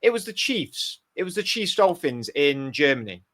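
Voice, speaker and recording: Man with a bright, rambling delivery. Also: a little high, big pitch swings, normal speed. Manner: rambling, thinks aloud with restarts. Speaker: podcast co-host. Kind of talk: casual chat.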